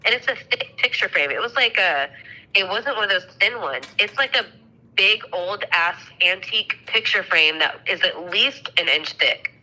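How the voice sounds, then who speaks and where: A woman's voice: medium pitch, lively intonation, moderate pace, pushed and bright, low-quality recording. A woman in her thirties casually telling a story, chatty, swearing freely and acting out the dialogue. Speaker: mother telling a ghost story.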